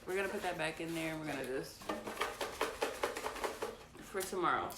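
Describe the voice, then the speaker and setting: A woman's voice: low voice, moderate pace, very noisy. A woman, hosting a chatty, playful bedtime story reading for kids. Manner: chatty, playful, talks to her audience. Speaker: children's book reader. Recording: echoey room with faint ambience.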